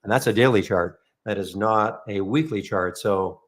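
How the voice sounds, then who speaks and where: A fairly low-voiced man hosts a live trading room. He rambles and corrects himself as he talks through his trades. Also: moderate pace. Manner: chatty, rambling, self-correcting.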